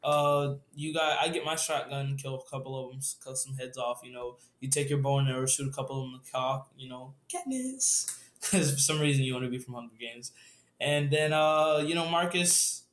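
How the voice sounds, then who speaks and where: A man's voice: mid-range voice, steady tone, brisk, fairly bright tone, reverberant, a little hiss or hum. A man rambling through an improvised zombie story with a friend, laughing often and leaning on lots of fillers.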